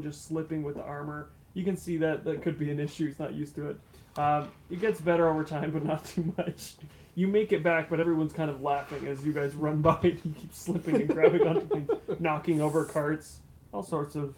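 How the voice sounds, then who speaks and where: Gravelly game master narrating. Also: male voice, fairly high pitch, a little hiss or hum, low-quality recording. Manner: relaxed, laughs often.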